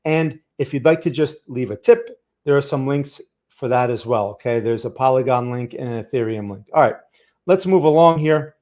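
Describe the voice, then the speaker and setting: A New York man with a mid-range, slightly mellow voice talks at normal speed. He hosts a casual trading livestream, chatting loosely about the market and greeting viewers by name.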